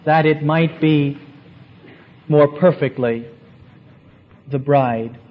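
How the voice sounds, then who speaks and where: A man giving a formal, earnest talk on church renewal, speaking in measured phrases. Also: fairly high pitch. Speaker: Catholic speaker. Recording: muffled lo-fi recording.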